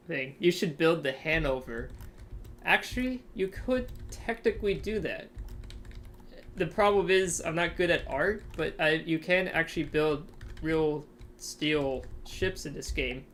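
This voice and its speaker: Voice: medium pitch, a bit bright, slight background noise. A game streamer chatting casually on a live stream, answering chat, rambling with fillers and chuckling often.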